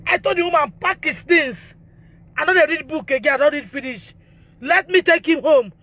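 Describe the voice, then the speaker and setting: A Nigerian woman speaking on a phone livestream, distressed and loud, re-enacting conversations as a mother. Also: sits high, moderate pace. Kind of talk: emotional livestream testimony.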